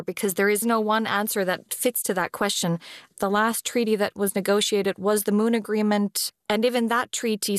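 A woman speaking as a space law official in an interview, explaining in a deliberate way with pauses between phrases. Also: medium pitch, no echo, clean studio sound. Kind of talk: measured explanatory interview talk. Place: based in Vienna.

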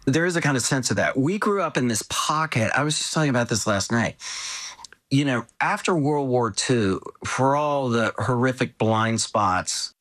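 A man's voice: mid-range voice, lively intonation, moderate pace, a bit bright. An older man telling family stories in a reflective, rambling way, full of asides and restarts. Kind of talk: reflective conversational storytelling.

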